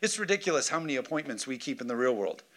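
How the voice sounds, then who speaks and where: A man pastor preaching a sermon in a church, lively and joking, calling on the congregation for amens. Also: medium pitch, rapid-fire. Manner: lively preaching with jokes and call-and-response. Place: church sanctuary.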